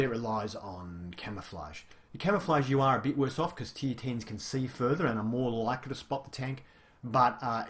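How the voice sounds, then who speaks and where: Chatty man reviewing a game tank. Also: on the low side. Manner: chatty and explanatory, with frequent fillers. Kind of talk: casual game review commentary.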